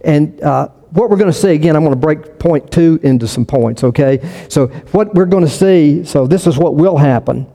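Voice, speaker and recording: Guy pastor preaching, kinda high mellow voice, loose chatty delivery, long church echo. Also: animated, moderate pace, vocal fry, few pauses. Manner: conversational, with frequent restarts and repetition for emphasis. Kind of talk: sermon.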